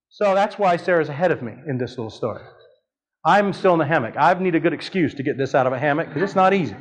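A man in his fifties preaching a sermon, telling a family story with animated delivery and leaps of voice for dramatic quotes. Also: high-pitched, rough recording.

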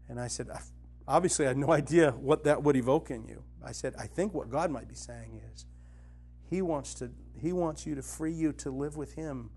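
His voice is husky as this middle-aged man, a Christian teacher and author, shares earnest personal stories in a conversational spiritual teaching. He lets it fall soft and low, then lifts it with conviction.

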